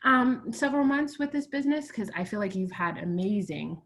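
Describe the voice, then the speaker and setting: A woman's voice: mid-range voice, expressive, normal speed. A woman who leads a sales team, hosting a motivational group call with emphatic, emotional encouragement.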